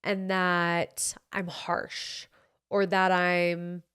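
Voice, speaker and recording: A woman's voice: fairly low pitch, flat delivery, extremely slow, a bit bright, smooth. A woman in her late twenties with a Utah accent, hosting a podcast and giving blunt, sassy advice, swearing freely. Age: 20s. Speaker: podcast host. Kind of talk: casual advice chat.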